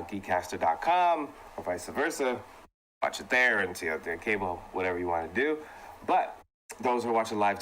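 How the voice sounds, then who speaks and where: A man with a low, bright voice wraps up a casual panel show as host, talking loosely and rambling with plenty of fillers. A faint hiss of noise sits behind him. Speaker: podcast host and producer. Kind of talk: casual panel chat, signing off a live show.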